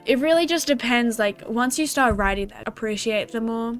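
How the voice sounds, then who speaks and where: A teenage girl with an Australian accent chatting casually to her viewers in a vlog, bubbly and quick to giggle. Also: a little high, soft background music. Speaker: gaming YouTuber.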